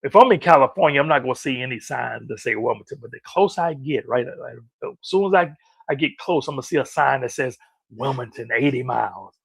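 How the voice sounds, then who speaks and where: A man preaching motivation to camera, emphatic, repeating key phrases and rising to loud peaks. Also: mid-range voice, lively intonation, brisk, creaky, slightly rough, dry recording. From North Carolina. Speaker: motivational minister.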